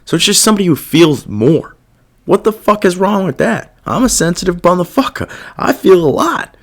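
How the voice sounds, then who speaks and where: A man's voice: high voice, animated, a little fast. A young man hosting a podcast, talking through his feelings in a rambling, self-reflective and heavily profane casual monologue. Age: young adult. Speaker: podcast host.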